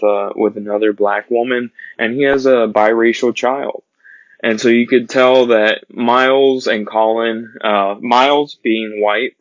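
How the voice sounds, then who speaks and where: A man talks through a film in an earnest, casual review, stopping and restarting as he recounts scenes. His voice sits on the low side. The recording is dry and muffled. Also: no echo.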